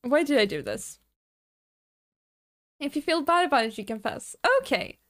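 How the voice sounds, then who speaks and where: A woman's voice: high-pitched, big pitch swings, moderate pace, fairly bright tone, no room sound. A woman streamer in casual live-stream chat, chatty and giggly, laughing often as she rambles and answers her viewers.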